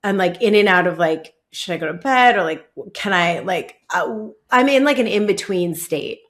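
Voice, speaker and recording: Woman, podcast host, casual personal story, halting, lots of "like", mid pitch. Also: lively intonation, fairly bright tone. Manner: halting, heavy use of "like", many restarts.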